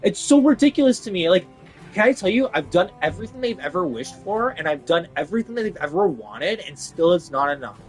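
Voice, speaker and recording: A young man rants to the camera in a fairly high voice, profane and agitated, circling back over the same points again and again. Faint music plays behind him. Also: sing-song, brisk, low-quality recording. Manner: agitated, profane, repetitive venting. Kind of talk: ranting monologue.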